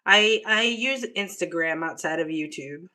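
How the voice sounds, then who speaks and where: Slow-talking young woman chatting. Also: lowish voice, background noise. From Australia. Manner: chatty, reads out viewer comments, talks to her cat. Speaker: live streamer. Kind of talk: casual live-stream chat. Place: home living room.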